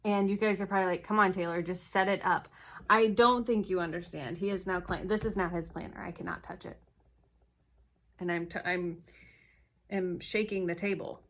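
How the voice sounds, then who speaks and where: A woman's voice: on the low side, fairly even intonation, moderate pace. A young woman, chatting casually to camera at her table, flustered and rambling, correcting herself as she goes. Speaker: planner vlogger. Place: at home at a table.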